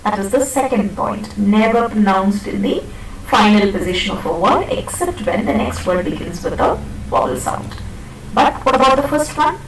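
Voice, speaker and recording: A woman's voice: medium pitch, expressive, normal speed, noisy background. A woman teaching pronunciation in a classroom lecture, patiently repeating and demonstrating words and checking that students follow. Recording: echoey classroom from a distant mic.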